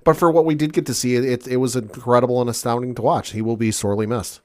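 An American man co-hosting a wrestling podcast, speaking in a reflective, measured way. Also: mid-range voice, fairly even intonation. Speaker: podcast co-host. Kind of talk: casual podcast chat.

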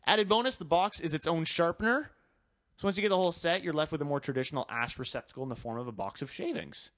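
A male podcast host who chats and jokes, sliding often into quick news reads full of restarts. His voice sits somewhat high for a man and moves a lot. The sound is dry and close. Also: animated, a bit bright, dry recording. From Canada. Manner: chatty, joking, stumbling restarts. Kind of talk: casual podcast chat, reading news items.

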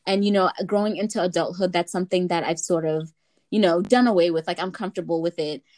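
A young woman with a slightly low voice talks in a loose, chatty way. She fills her sentences with likes and you knows, relaxed and open. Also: fast. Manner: relaxed, chatty, many fillers. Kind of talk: casual family chat.

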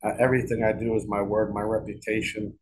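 A man's voice: fairly low pitch, flat delivery, quick pace, background noise. A middle-aged man telling a long story in a casual interview, rambling and profane, with frequent restarts and repeated words. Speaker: guest author.

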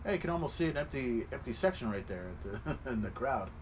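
A man hosting a podcast, giving excited watch-along commentary on a replay, swearing freely and yelling at the big moments. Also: medium pitch, quick pace, a little hiss or hum. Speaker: podcast host. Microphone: podcast mic.

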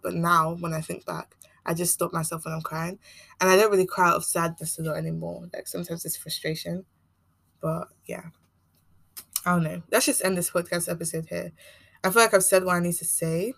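A woman's voice: fairly low pitch, vocal fry, fairly bright tone, no room sound. A young woman from Nigeria with a mixed Nigerian and American accent, hosting a casual solo podcast and rambling chattily with frequent laughs. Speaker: podcast host.

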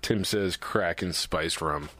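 Young guy on a podcast, real low voice, joking and laughing a lot. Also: takes it slowly, sharp tone. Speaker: podcast co-host. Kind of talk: casual banter among friends.

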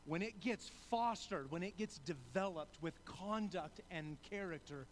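Male pastor, high-pitched, conversational sermon delivery with some faint background noise. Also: measured pace, rough recording. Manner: conversational, acts out biblical characters with rising excitement; repeats words when starting sentences.

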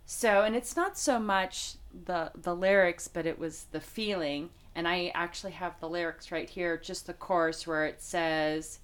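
A middle-aged woman from Las Vegas, a guest telling a personal faith story in a heartfelt, halting way with many fillers. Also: lowish voice, clear, resonant tone. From Las Vegas, United States. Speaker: interview guest. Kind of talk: personal faith testimony in conversation.

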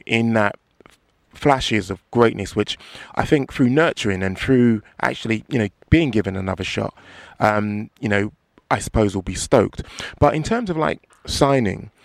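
A male interviewer asking long, measured questions. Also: medium pitch, vocal fry, no echo.

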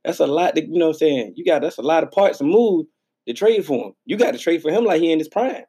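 A man's voice: a little high, expressive, quick pace, dark tone, husky. A man co-hosting a sports podcast, talking in a hyped, slangy, teasing way. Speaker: podcast co-host. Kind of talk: casual sports podcast chat.

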